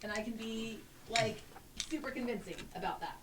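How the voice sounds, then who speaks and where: A woman's voice: on the high side, moderate pace. Woman player in an echoey room. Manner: hesitant, thinking aloud about rules. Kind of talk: tabletop game play. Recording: echoey room, distant mic, noisy.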